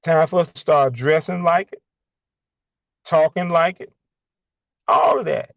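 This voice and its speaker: A man calling in and speaking emphatically in a preachy way, halting with many fillers between points. The audio is a dull, lo-fi call line. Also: fairly high pitch, expressive, vocal fry, dry recording. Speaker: caller. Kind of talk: impassioned call-in monologue.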